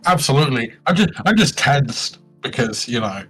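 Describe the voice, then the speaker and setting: Easygoing male player, mid-pitched voice. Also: very animated, normal speed, a bit bright, slightly rough, soft background music, poor audio. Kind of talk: casual tabletop game play.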